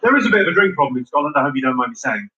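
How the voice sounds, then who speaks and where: A man's voice: medium pitch, sing-song, very fast. A man doing a stand-up comedy set, working the crowd in a brash manner and swearing freely. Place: comedy venue with audience. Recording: muffled live recording with loud noise.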